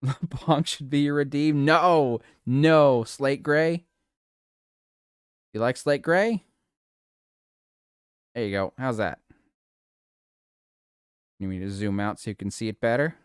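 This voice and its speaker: A man's voice: medium pitch, slow, long pauses, smooth, no echo, studio quality. A man streaming live, chatting casually with his viewers, giggling a lot and swearing playfully.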